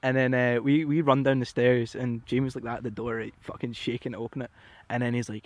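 A man's voice: medium pitch, fast talker, no echo. Swearing young man telling stories. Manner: animated, sweary, tags lines with "right?". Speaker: podcast guest, rapper. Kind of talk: casual storytelling chat.

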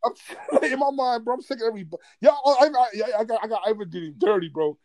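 A man telling a stand-up story, animated and profane, getting loud and laughing as he talks. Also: very high voice, quick pace, no echo. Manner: gets loud and excitable, often laughing mid-sentence. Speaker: comedian.

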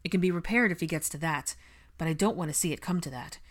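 Woman reading a brusque young wizard guy, firm clipped orders, low voice. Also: quick pace, lightly acted.

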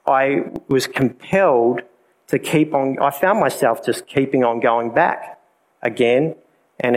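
A man's voice: on the high side, poor audio. Candid man sharing his testimony. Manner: candid, conversational, with many fillers. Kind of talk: personal testimony from the pulpit.

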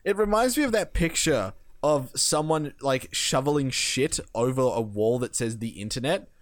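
A man's voice: medium pitch, animated, normal speed, dry recording. A man in a casual gaming podcast chat, making wry jokes.

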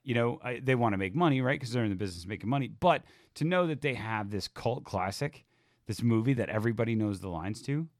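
A man co-hosting a podcast, rambling and swearing in relaxed casual chat. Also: mid-range voice, fast talker, no echo, clean studio sound. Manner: rambling, profane, laid-back. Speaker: podcast co-host.

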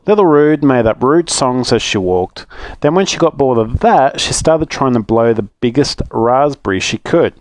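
An Australian man reading a children's story aloud, expressive and steady in a mid-range voice. The sound is dry and close, with no room around it. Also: medium pitch, normal speed, no echo. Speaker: storyteller dad.

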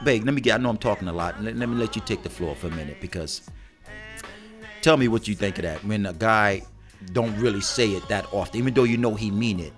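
Man co-host, lowish voice, animated delivery, faint music behind. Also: fast. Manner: animated, acts out quotes with big pitch jumps. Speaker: podcast co-host. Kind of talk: casual relationship talk.

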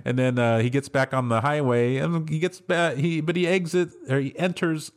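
A man's voice: fairly high pitch, fairly even intonation, moderate pace. A man hosting a casual film review podcast, laughing often as he retells scenes. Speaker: podcast host.

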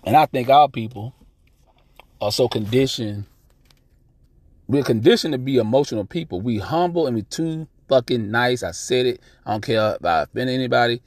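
A man's voice: mid-range voice, normal speed, no room sound. Dude ranting on his podcast, cussing a lot, repeats himself, dry close mic, mid voice. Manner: blunt, profane, animated, repeats himself. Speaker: podcast host. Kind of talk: casual ranting monologue.

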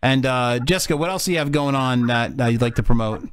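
A man's voice: medium pitch, quick pace, clear, resonant tone, no echo, clean studio sound. A man hosting a podcast, laughing often and stumbling over his words in casual banter. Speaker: podcast host.

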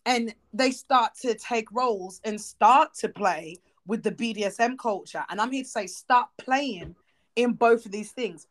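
Young British woman, casual podcast co-host, blunt and lively, quick to laugh. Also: a little high. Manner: blunt, animated, laughs often. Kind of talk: casual chat.

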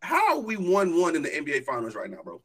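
A man's voice: fairly high pitch, wildly swooping pitch, quick pace, crowd noise. A young man hosting a casual sports podcast, hyped and joking, drawling his sing-song intro. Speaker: podcast host.

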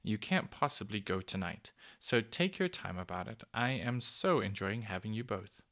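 A man voicing a kindly, motherly old female cuckoo bird who talks slowly and gently. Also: lowish voice, expressive. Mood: cozy.

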